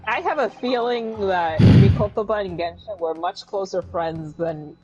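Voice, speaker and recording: A woman's voice: mid-range voice, measured pace, highs cut off, soft background music. A young woman chatting casually and joking while playing a game with friends. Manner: animated and joking. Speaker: game stream co-player.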